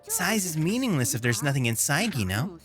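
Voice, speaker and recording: A man doing a smug, high gallant cat mascot. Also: sing-song, moderate pace, fairly bright tone, soft background music.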